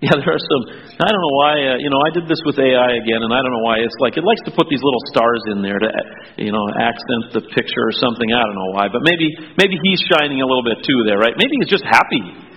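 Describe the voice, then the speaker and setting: Guy pastor in a big echoey church, kinda muffled recording, faint hiss, talks slow and careful then loosens up with the kids. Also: medium pitch. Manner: slow, deliberate reading, then relaxed chat with kids. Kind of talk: scripture reading and children's sermon. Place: church sanctuary.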